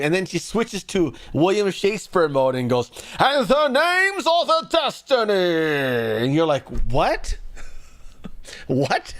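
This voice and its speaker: Host, male, mocking and sarcastic, lively up-and-down delivery on a casual news stream. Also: a little high. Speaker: livestream news commentary host. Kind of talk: casual political commentary.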